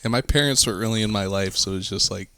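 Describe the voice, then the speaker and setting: A man who is a guest comedian on a podcast, tossing out quick quips and laughing. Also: fairly low pitch, pushed and bright, clear, resonant tone. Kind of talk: casual comedy chat.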